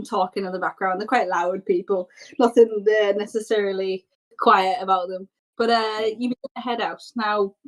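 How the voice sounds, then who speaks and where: A woman with a medium-pitched voice, recorded on poor audio, serves as game master for a tabletop role-playing game, narrating scenes in a descriptive, relaxed way.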